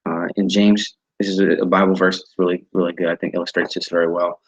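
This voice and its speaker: A man teaching an online training class over a video call, halting and often repeating words as he restarts his sentences. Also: deep voice, level tone, slightly rough, dry recording, poor audio. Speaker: instructor.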